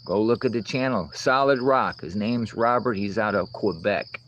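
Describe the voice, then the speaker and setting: A low-voiced man rambles through a casual outdoor livestream, answering chat and swearing freely. Faint insect and cricket noise hums behind him. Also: moderate pace, a bit bright, muffled recording. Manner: rambling, profane, talks back to chat comments. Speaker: livestream host reading chat.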